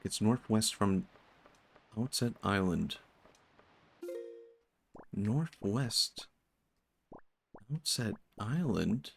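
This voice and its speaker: A man with a Swedish accent chatting in a low-key, monotone way while streaming a game. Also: drawn-out words, vocal fry, pauses often, a little hiss or hum. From Sweden. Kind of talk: casual gaming commentary.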